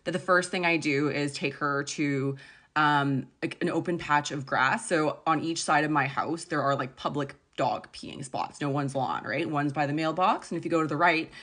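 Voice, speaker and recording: A woman in her thirties telling a story to camera in a chatty, animated way, full of "like"s. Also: low voice, moderate pace. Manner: chatty, animated retelling with many "like"s. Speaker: vlogger. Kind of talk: casual storytime chat.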